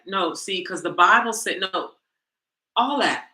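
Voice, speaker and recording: A woman coach giving a lively motivational talk to a group, addressing them directly in a conversational way. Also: mid-range voice, unhurried, roomy sound. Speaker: women's coach and teacher.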